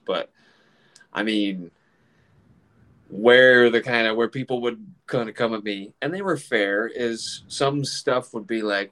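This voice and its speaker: A man's voice: medium pitch, normal speed, bright, forceful tone. Laughing, profane middle-aged man rambling. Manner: rambling, profane, laughs often, acts out quoted exchanges. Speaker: comedian, group admin. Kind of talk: casual podcast chat.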